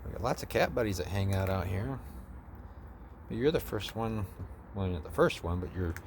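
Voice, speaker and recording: A man talking softly to a stray cat on his porch, slipping into cooing baby talk. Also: animated, normal speed, slight background noise. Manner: soft baby talk to a cat, jumps high and gentle. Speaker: vlogger feeding a stray cat. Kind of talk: casual talk to an animal. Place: outdoors on a porch.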